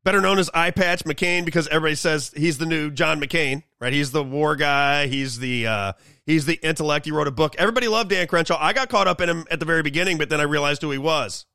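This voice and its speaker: Sarcastic guy hosting a political show, bright sharp tone. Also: a little high, quick pace, no echo. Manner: sarcastic, mocking. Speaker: host. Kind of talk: political commentary monologue.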